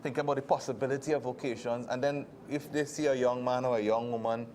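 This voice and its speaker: A man's voice: medium pitch, fairly even intonation, fast, darkish tone, a little hiss or hum. A man with a Trinidadian accent, co-hosting a church show as a deacon, speaking earnestly and repeating words for emphasis. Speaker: deacon co-host. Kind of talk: casual chat.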